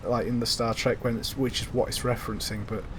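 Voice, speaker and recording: A young man chatting casually while he plays a video game. His talk rambles along with lots of ums and a few swear words, in a middle-pitched voice. Faint noise sits behind him. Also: level tone, fairly quick. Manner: rambling, filler-heavy, sweary. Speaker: gaming channel host. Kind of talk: casual gameplay commentary.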